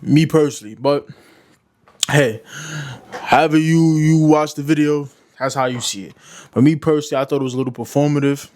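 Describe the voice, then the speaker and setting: A man's voice: a little high, steady tone, fairly quick, a little mellow. A man hosting a casual commentary vlog, talking loosely with lots of fillers. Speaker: commentary channel host.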